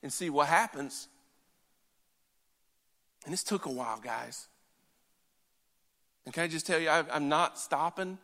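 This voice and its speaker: A man preaching a sermon in an earnest, emphatic way, swinging between loud declarations and hushed asides. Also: high voice. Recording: long hall reverb.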